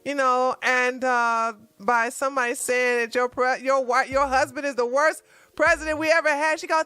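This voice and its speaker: Lively woman doing news commentary on her channel, high bright voice, laughs a lot. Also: moderate pace, clean tone, no echo. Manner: animated, laughing, talks straight to viewers. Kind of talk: casual news commentary vlog.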